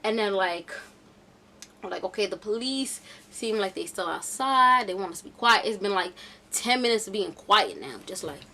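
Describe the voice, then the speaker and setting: A young woman vlogger telling a casual storytime, chatty and animated with slangy asides. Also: medium pitch, normal speed.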